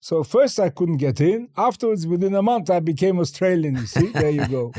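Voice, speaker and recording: Lively older man telling stories. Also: high-pitched, fairly quick, dry recording. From China. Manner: animated storyteller acting out dialogue, laughing often. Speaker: guest. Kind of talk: interview storytelling.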